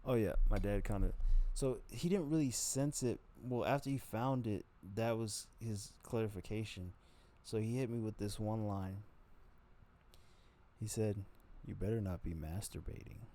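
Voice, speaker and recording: A man's voice: lowish voice, unhurried, warm tone. A man telling a personal story on his video channel in a rambling, blunt way, swearing freely. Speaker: vlogger.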